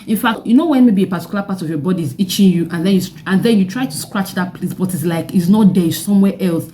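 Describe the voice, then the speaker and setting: A young Nigerian woman with a Nigerian accent, telling a personal story in a vlog with animated delivery and laughing asides. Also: mid-range voice, fast, slight background noise. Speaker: vlogger.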